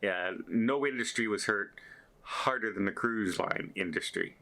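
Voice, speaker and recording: A man's voice: on the low side, measured pace, vocal fry, bright, forceful tone. A man telling stories to the camera as a cruise vlogger, in an earnest, appreciative and rambling way. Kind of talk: casual storytelling to camera.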